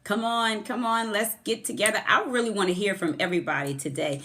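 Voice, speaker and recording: A middle-aged woman hosts a live motivational stream from her phone, greeting each viewer by name with effusive energy. She speaks at a middling pitch for a woman, casual and lively. The sound is that of a phone held to record indoors. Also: fairly quick, few pauses. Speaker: host of a motivational livestream. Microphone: phone camera.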